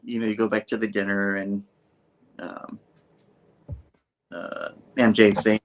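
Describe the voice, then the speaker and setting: A man's voice: on the low side, little pitch movement, unhurried, pauses often. A man casually recapping a comic book story on his show, slipping into raised voices for the characters' lines.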